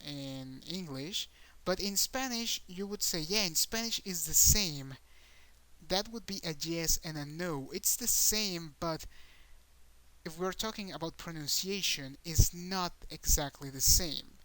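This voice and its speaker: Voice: mid-range voice, fairly bright tone, low-quality recording. A Spanish teacher giving an online lesson, patiently repeating each example word and stressing syllables to show pronunciation.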